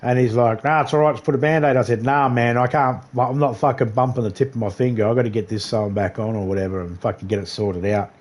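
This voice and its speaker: A man's voice: fairly low pitch, fairly even intonation, a little fast, few pauses, a little mellow. A man on a game livestream casually telling a rambling, profane story and laughing often. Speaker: livestream gamer.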